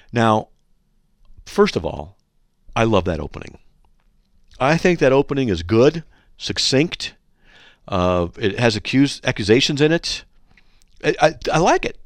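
Lively low-voiced man hosting radio talk. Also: brisk, pauses often, no room sound. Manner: animated, joking, blunt and argumentative. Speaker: radio talk show host.

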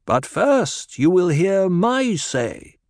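A man voicing a commanding young desert leader who declaims slowly and loudly to a crowd. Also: high-pitched, animated, no room sound, studio quality, pitched above the performer's own voice. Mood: measured.

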